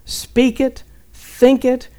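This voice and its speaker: A middle-aged woman preaching a fervent, folksy sermon that swings between loud declarations and hushed asides. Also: high-pitched, monotone, drawn-out words.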